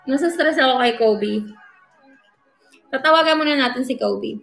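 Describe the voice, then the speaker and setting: A woman's voice: high voice, normal speed, gravelly, noisy background. A woman with a Filipino accent hosting a casual livestream, chatting bubbly in mixed English and Tagalog and calling out thanks to viewers. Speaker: livestream host. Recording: roomy sound with faint music.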